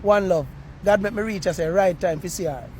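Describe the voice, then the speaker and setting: A man's voice: sits high, a little fast, slight background noise. A Jamaican man reporting outdoors on a university campus, earnestly pleading with viewers and slipping into patois. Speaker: street reporter. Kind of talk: on-the-spot appeal to viewers.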